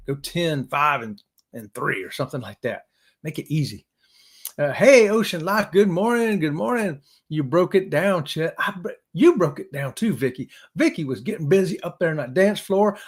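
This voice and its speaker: A man's voice: high-pitched, slightly rough. A man hosting a live stream, chatting casually with viewers in an upbeat, joking, folksy way. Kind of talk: casual chat reading viewer comments.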